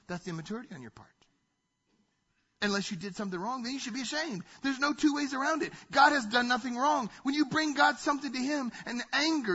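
A man's voice: very high voice, brisk, sharp tone, breathy edge. A man preaching a sermon from a church stage, emphatic and repetitive in his delivery. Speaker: pastor. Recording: dull lo-fi sound.

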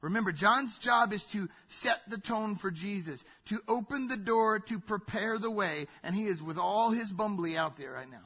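A man preaching a sermon in an emphatic, conversational way, often dropping to a hushed tone. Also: high voice, normal speed, few pauses, slightly rough, highs cut off. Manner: emphatic, conversational preaching with sudden drops to a hush.

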